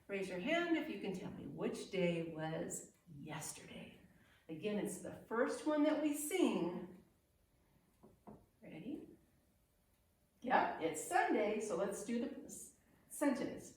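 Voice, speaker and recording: A woman talks slowly and gently to small children, leading a circle-time lesson and leaving pauses for their answers. Her voice carries a heavy room echo, picked up from a distance with a faint hiss underneath. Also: medium pitch, very animated. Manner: gentle, sing-song, pausing for children's answers. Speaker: preschool teacher.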